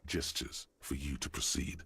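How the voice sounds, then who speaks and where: A man voicing a solemn male game narrator, with a slow, grave, hushed delivery and a deep husky rumble.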